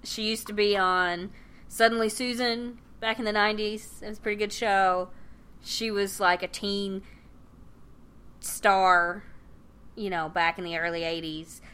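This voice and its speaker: A young woman co-hosting a podcast, casually recapping a TV episode with frequent laughter and quick quoted voices. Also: mid-range voice, fairly even intonation, sharp tone, smooth. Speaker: podcast co-host.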